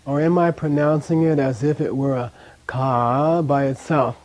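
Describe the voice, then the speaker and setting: A man's voice: a little high, fairly even intonation, unhurried, darkish tone. A man teaching a language class in a classroom, chatty, often checking in with "okay?" and drilling pronunciation.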